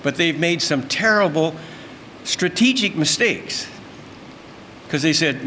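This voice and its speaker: A man's voice: on the high side, sing-song, unhurried, pushed and bright, slight background noise. An older man, giving a folksy, emphatic, rambling informal speech at a luncheon. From Canada. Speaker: speaker at a luncheon. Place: event room.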